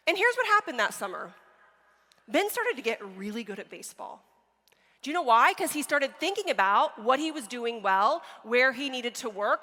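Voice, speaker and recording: A woman in her forties giving a motivational keynote on stage, energetic and full of stories and questions to the audience. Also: high-pitched. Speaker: keynote speaker. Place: large hall on stage. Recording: long hall reverb.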